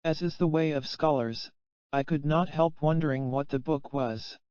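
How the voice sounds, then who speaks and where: A man giving a slow, measured, solemn reading of a spiritual text as an audiobook. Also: a little high, darkish tone, clean tone, dry recording. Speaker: audiobook reader. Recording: dull, muffled, dry sound.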